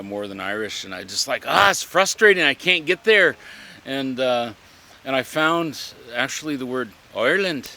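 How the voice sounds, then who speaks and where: A man, a living history reenactor, talking in a reflective interview in an earnest, halting way as he searches for words. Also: mid-range voice, sharp tone, slight background noise.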